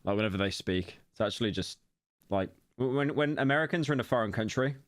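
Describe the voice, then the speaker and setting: A man's voice: mid-range voice, expressive, fast talker, no room sound, studio quality. A young British man rambling casually while reacting to a video on a live stream. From Britain. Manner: rambling, self-interrupting banter.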